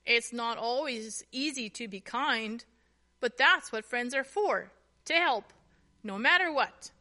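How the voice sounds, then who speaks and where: A woman's voice: a little high, slow pace, bright, forceful tone, big-room sound. A woman doing a sweet young girl. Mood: gentle. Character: kind, gentle young girl. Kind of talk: storybook reading.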